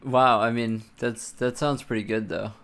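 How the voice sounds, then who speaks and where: A man's voice: mid-range voice, steady tone, normal speed, a bit bright. A man live-streaming his game engine coding, thinking aloud, muttering to himself and swearing casually.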